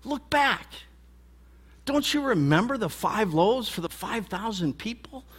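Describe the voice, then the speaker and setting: A man's voice: high voice, very animated, unhurried, a bit bright, breathy edge, voice pushed up, full character voice. A man voicing Jesus as an exasperated teacher pleading with his followers in a raised voice.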